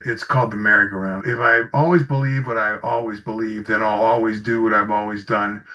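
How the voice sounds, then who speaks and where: A man's voice: on the low side, fairly even intonation, brisk, pushed and bright. A man being interviewed as an executive coach, telling anecdotes in an easy conversational way and acting out bits of dialogue. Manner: tells anecdotes, acts out dialogue in stories. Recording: slightly muffled audio.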